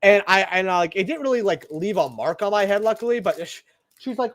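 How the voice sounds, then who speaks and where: A young man with a high, very lively voice rambles through a story while opening cards, tossing in "right?" every few lines. The sound is dry and close, with no room echo. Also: quick pace. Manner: rambling, animated, lots of "right?" and asides. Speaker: channel host opening trading cards.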